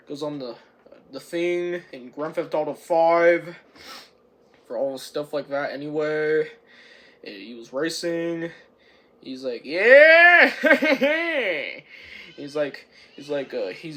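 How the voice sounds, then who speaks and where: Slow, halting guy rambling a movie review. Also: a little high, darkish tone. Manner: halting, repeats words, frequent fillers and restarts.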